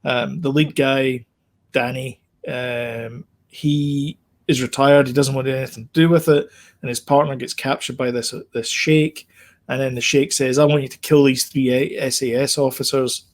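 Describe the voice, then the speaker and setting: A man co-hosts a relaxed podcast, talking casually and rambling a little as he searches for his words. His voice sits at an ordinary middle pitch, neither high nor deep. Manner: rambling, fills pauses with ums. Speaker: podcast co-host. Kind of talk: casual chat.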